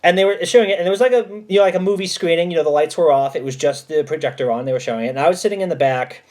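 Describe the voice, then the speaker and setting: A man hosting a casual livestream, answering chat and telling stories in an emphatic, animated way with plenty of swearing. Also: on the high side, rapid-fire.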